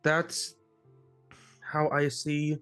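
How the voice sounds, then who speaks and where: A man's voice: fairly high pitch, monotone, drawn-out words, a bit bright, smooth, faint music behind. A man playing Dominic, an earnest, kind boy who speaks up for caring about others.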